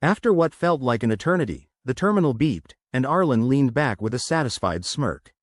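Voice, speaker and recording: A man narrates a science fiction tale in a scripted reading. His pitch rises and falls a lot as he tells it. The sound is dry and close, with no room around it. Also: big pitch swings, moderate pace, hardly any pauses, dry recording. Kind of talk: scripted sci-fi story narration.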